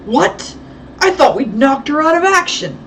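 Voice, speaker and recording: A woman reading aloud voices a harsh, scornful male villain who snaps loud commands, her voice a little distant over faint background noise. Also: very high-pitched, sing-song, normal speed.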